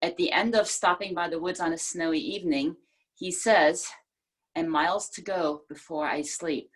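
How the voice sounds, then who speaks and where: A woman's voice: fairly low pitch, slightly rough. A woman giving a prepared club speech over a video call, talking expressively and playing with which words she stresses. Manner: expressive, demonstrates emphasis by changing stress. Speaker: speech presenter.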